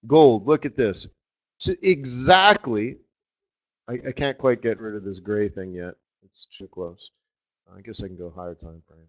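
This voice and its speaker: A man hosting a live trading webinar, talking over his charts with excited outbursts and trailing murmurs. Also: on the low side, a little slow, muffled recording. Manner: excitable, exclamatory, trails off while fiddling with charts. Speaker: forex market strategist hosting a live webinar.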